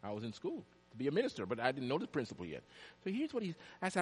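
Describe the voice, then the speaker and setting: A man preaching a storytelling sermon, swinging from loud, high bursts to hushed asides. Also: huge pitch swings, very fast, husky. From Jamaica. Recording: long hall reverb.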